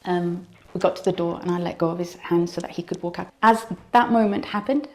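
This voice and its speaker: A woman's voice: fairly low pitch, a little fast. A woman giving an earnest personal devotional testimony, often repeating phrases for emphasis. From United Kingdom.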